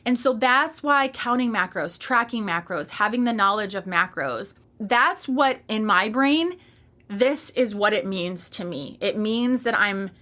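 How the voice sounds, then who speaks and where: Bright-voiced passionate woman podcast host. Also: medium pitch, expressive, unhurried. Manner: passionate, emphatic, candid with casual swearing. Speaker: podcast host and fitness coach. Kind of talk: solo podcast monologue.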